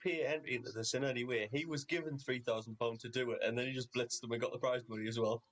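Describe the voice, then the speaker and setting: A man's voice: mid-range voice, steady tone, fast, fairly bright tone. A British man, a podcast co-host, chatting casually with a lot of laughter and blunt quips. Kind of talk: casual chat.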